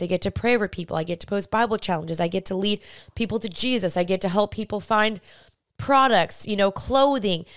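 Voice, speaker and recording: A woman's voice: medium pitch, clean tone, dry recording, studio quality. Chatty, encouraging young woman podcaster. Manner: chatty, earnest and encouraging, talks straight to listeners. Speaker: podcast host. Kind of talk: casual faith-based advice talk.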